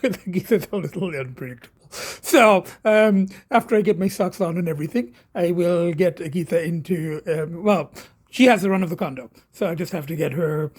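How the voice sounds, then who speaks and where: A man talking casually in a home video diary, rambling and hesitant with many fillers, now and then cooing softly to his cats. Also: high voice, fairly quick, husky. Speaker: vlogger. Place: home bedroom.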